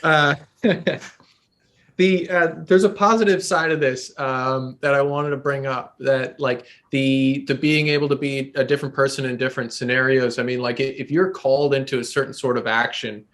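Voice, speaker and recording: A man's voice: mid-range voice, fairly even intonation, moderate pace, fairly bright tone. A man co-hosting a podcast, explaining an idea in a searching way with many fillers and restarts. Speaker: podcast co-host. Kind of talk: casual chat.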